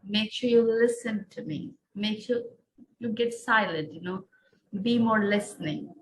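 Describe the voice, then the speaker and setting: A tender divine mother goddess, as a woman telling her vision puts her on, speaks in a soft, reassuring voice. Her tone stays quiet and gentle throughout. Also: fairly high pitch, steady tone, a little slow, natural voice, rough recording.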